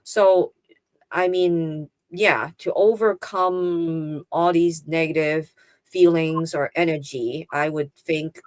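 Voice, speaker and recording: A woman's voice: low voice, fairly even intonation, slow pace, no echo. A woman guest on a video call interview, explaining things thoughtfully and using lots of fillers. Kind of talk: casual interview chat.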